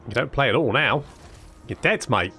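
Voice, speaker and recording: A man's voice: mid-range voice, animated, moderate pace, bright, forceful tone, faint music behind. A man giving casual, sarcastic let's-play commentary, thinking aloud and swearing freely. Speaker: gaming channel host.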